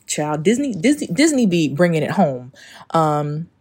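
A woman hosting her own podcast, speaking in a husky voice that sits low for her. Her tone is mellow and warm. She talks emphatically, swears freely and keeps slipping into sung lyrics. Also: sing-song, measured pace. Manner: emphatic, profane, breaks into singing song lyrics. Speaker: podcast host. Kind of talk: casual spiritual podcast monologue.

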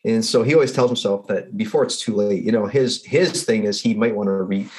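A man who works as a results coach, a guest on a podcast, telling stories in a lively way and acting out the people in them. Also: lowish voice, fairly quick. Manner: animated storyteller who acts out the people in his stories. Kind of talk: casual conversation with storytelling.

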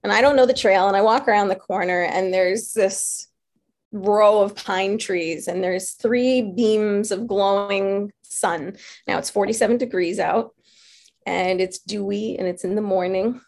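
A woman life coach giving a motivational talk, earnest and animated as she tells stories. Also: mid-range voice, unhurried.

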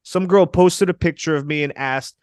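A man's voice: fairly high pitch, normal speed, a little mellow, clear, resonant tone, no room sound, clean studio sound. A man co-hosting a podcast, giving dating advice in an emphatic, coaching way and calling his listeners fellas. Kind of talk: casual podcast chat.

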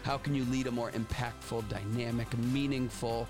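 Male podcast host, mid-pitched, lively and conversational, faint music bed. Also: normal speed. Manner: energetic, chatty with frequent restarts. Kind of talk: casual podcast talk.

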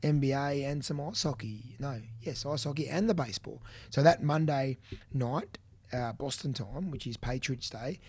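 A man's voice: medium pitch, moderate pace, darkish tone, slightly rough. Chatty Australian man hosting a podcast. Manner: chatty and teasing. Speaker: podcast co-host. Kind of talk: casual chat.

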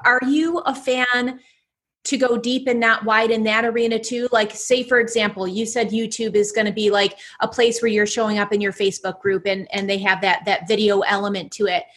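A woman's voice: a little high, steady tone, normal speed, fairly bright tone. A woman hosting a podcast, who affirms what her guest says and asks thoughtful questions. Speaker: podcast host. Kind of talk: casual interview talk.

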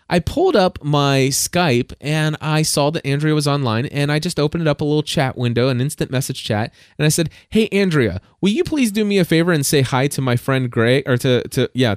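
A man's voice: medium pitch, no room sound, clean studio sound. A man hosting a podcast alone, telling a story in a rambling, enthusiastic way with many restarts and repeated words. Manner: enthusiastic, animated when telling stories. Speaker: podcast host. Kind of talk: casual solo podcast monologue.

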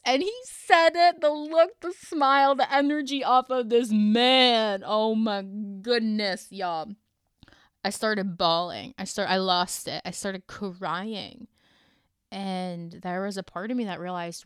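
A woman's voice: medium pitch, slow pace, pushed and bright, smooth, no echo, studio quality. A woman hosting a solo motivational podcast, talking in an earnest, heartfelt way with casual fillers. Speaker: podcast host.

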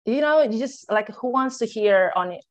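A woman's voice: on the high side, expressive, normal speed. A young woman telling her own story as an interview guest. She acts out what she and others said and leans on filler words. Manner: loose phrasing with many "like" and "you know" fillers. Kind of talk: personal storytelling in conversation.

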